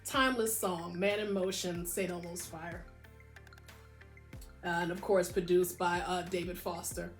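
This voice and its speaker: A woman's voice: lowish voice, steady tone, unhurried, soft background music. A middle-aged woman casually showing off her vinyl singles, enthusiastic and gushing, now and then singing a line along. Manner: enthusiastic, gushing, breaks into short sung snippets. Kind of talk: casual record show-and-tell.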